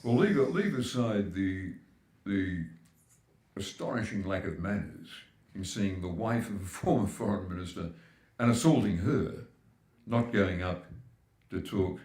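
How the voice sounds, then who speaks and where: A man's voice: low-pitched, animated, a little slow, a little mellow, reverberant. An older Australian man giving a keynote speech at a public forum, emphatic and building his points with repetition. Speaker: keynote speaker. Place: large hall at a live forum.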